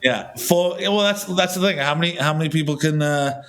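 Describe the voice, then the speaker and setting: A man's voice: fairly high pitch, normal speed, a bit bright. A man, a filmmaker guest on a podcast, telling a long casual anecdote full of swearing and restarts.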